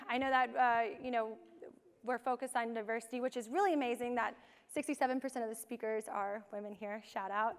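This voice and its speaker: A young woman giving a casual conference talk, full of ums and you-knows. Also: high-pitched. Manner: casual, many fillers like um and you know. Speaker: conference speaker. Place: large conference hall. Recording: long hall reverb.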